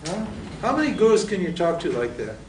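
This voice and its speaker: A man's voice: sits high, sing-song, fairly quick, darkish tone, a little hiss or hum. A man teaching spiritual texts, asking his students rhetorical questions and then answering them himself. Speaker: Vedanta teacher. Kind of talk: lecture to students. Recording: roomy echo from a distant mic.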